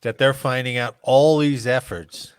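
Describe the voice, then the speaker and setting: A man's voice: medium pitch, fairly even intonation, a little slow, clean tone, no room sound, studio quality. A man hosting a podcast in casual chat, telling stories animatedly with some swearing. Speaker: podcast host.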